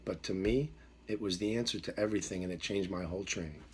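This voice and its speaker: A man's voice: deep voice, fast. A middle-aged man, a dog trainer, telling a story in an emphatic, repetitive way and acting out the voices in it. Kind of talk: storytelling monologue.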